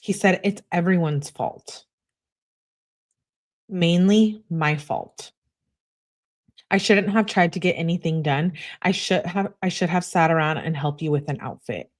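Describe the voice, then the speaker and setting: A young woman with a low-pitched voice reads text message exchanges aloud in a true crime commentary. She drops in brief asides of her own between the quoted messages. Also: brisk, hardly any pauses.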